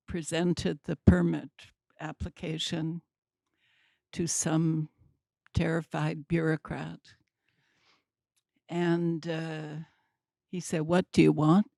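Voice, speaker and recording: An older woman telling a story at a community talk, deliberate and wry with dry humor. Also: low voice, creaky, dark tone, no room sound.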